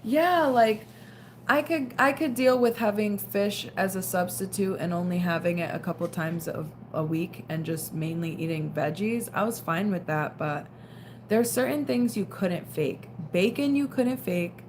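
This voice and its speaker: A woman's voice: mid-range voice, measured pace, a little hiss or hum. A young woman casually chatting on a late-night livestream, reading out viewer comments and sounding tired. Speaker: livestream host.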